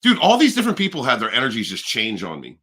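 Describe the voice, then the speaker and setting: Animated, swearing man hosting a livestream. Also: medium pitch, fast talker. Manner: animated, profane, rambling with restarts. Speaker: livestream host. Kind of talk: casual livestream chat.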